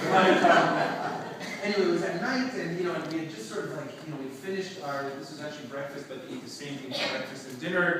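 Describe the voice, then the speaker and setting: A young man telling a lively story to an audience at a reception, acting out the dialogue with laughs. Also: a little high. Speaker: speaker at a reception talk. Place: event room, recorded from a distance. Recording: echoey room, far-off mic, background noise.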